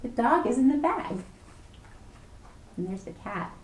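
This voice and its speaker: Librarian woman, preschool storytime read-aloud, slow unhurried pace, playful questions to kids, echoey room. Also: a little high. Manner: animated, playful, asks children questions. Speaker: children's librarian.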